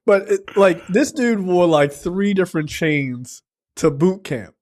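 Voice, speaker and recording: Casting note: male podcast co-host, slightly high voice, quick and jokey, jumps in over the others. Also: darkish tone. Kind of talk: casual film review chat.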